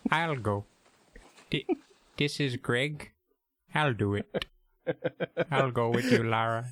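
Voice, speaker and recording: A man voicing a timid male tour guide who refuses to swim, giving halting, flat refusals. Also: mid-range voice, no echo. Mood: agreeable.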